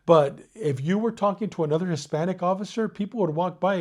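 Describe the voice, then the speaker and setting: A Mexican-born older man, a retired police detective, telling stories in a casual interview, animated and profane, dropping "dude" and "you know what I mean" all through. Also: sits high, fairly quick.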